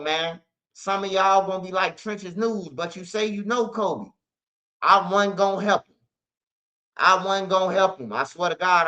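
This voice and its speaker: A man's voice: high-pitched, bright, forceful tone. Man telling a story on lo-fi audio. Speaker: host of a street news channel. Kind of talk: casual storytelling monologue. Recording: dull lo-fi audio.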